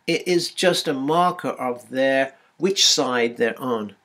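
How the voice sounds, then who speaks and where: A man's voice: medium pitch, takes it slowly, fairly bright tone. A man giving a university lecture, hesitant and full of ums and restarts.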